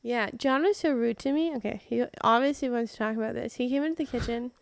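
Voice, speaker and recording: A woman co-hosting a podcast, chatting casually and telling animated stories, often laughing. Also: a little high, fast talker, vocal fry, smooth, no echo. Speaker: podcast co-host. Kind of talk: casual chat.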